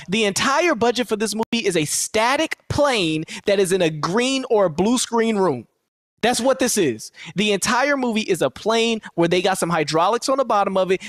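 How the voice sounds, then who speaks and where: A high-pitched male voice, recorded with studio quality and no room sound. He co-hosts a movie podcast, ranting casually in an animated, profane way and acting out quotes in different voices during a laid-back film review chat.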